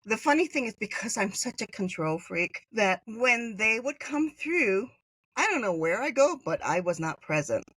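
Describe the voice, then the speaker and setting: Podcast guest, a woman from Hawaii, recounts a story with animated jumps and self-corrections; dry, close sound. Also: normal speed, slightly rough, no room sound, low-quality recording. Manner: animated, acts out quoted voices with pitch jumps. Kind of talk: personal storytelling.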